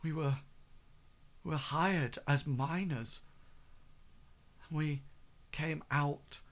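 A man's voice: fairly high pitch, very slow, voice pushed up. A man voicing a frightened, injured young male miner who stammers and repeats himself in a tabletop game. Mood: shaken.

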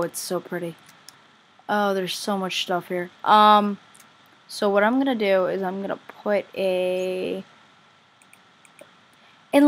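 A woman commenting casually on her own game play as a vlogger, chatty and easily excited, gushing over what she finds. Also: mid-range voice. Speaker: gaming vlogger.

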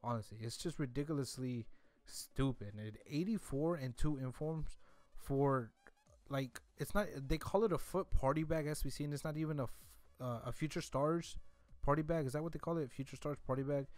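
A man's voice: a little high, normal speed, a little mellow, no echo. A young man giving rambling casual commentary while opening game card packs, repeating himself with mock-defensive asides. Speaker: gaming YouTuber.

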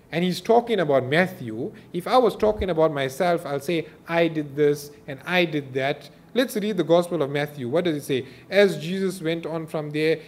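A South African man lecturing a class, explaining texts and acting out the quotes he reads. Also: a little high. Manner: explanatory, quotes scripture in a lively voice. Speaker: instructor.

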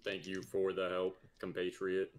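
A man playing in a tabletop game, dry and low-key. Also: monotone, unhurried, dry recording. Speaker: player. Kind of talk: casual tabletop play.

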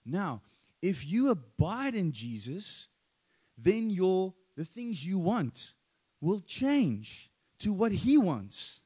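A man's voice: high-pitched, big pitch swings, takes it slowly, warm tone, breathy edge. A male pastor with a South African accent preaching a sermon, emphatic and rising on key phrases.

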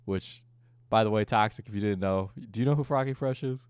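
Young male host, low and dry, crude rambling chat. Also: brisk, clear, resonant tone, dry recording. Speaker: streamer and host. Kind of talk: casual podcast chat.

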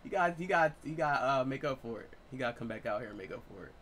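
A man in his late twenties giving excitable, profane live gameplay commentary as a streamer, trash-talking. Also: mid-range voice, quick pace, a little hiss or hum. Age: 20s. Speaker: gaming streamer.

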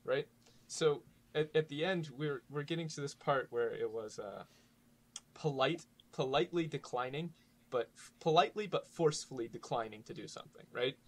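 A man's voice: mid-range voice, moderate pace. A young man chatting casually as a podcast guest, joking and sardonic, often laughing. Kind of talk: casual comedic chat.

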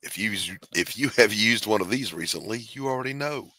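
A man's voice: on the low side, lively intonation, fairly quick, pushed and bright, no echo. A middle-aged man hosting a podcast, cracking jokes in casual comedic chat and laughing at his own lines. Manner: wisecracking, laughs and coughs through jokes. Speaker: podcast host.

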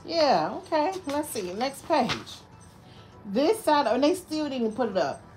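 A woman's voice: high voice, a little slow, faint music behind. A young woman from Michigan vlogging in a casual, sassy way, calling her viewers girl and baby. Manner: animated sing-song story-time voice for a child. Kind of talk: casual vlog chat.

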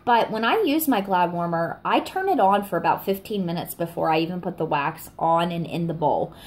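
A woman chatting excitedly in a casual product review vlog, full of fillers and little laughs. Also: on the low side, brisk, a little hiss or hum. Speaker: wax melt reviewer.

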